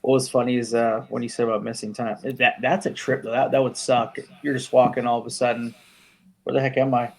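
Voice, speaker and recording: A man's voice: mid-range voice, little pitch movement, a little fast, gravelly, few pauses, darkish tone. A man co-hosting a podcast, chiming in with short reactions and asides in casual chat. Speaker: podcast co-host.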